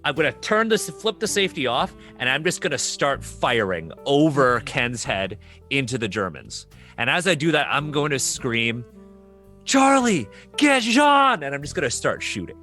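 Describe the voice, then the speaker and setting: A man playing a tabletop role-playing game, describing his character's moves with excited, quick asides and laughter. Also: mid-range voice, soft background music. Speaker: player. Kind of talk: narrating a tabletop game move.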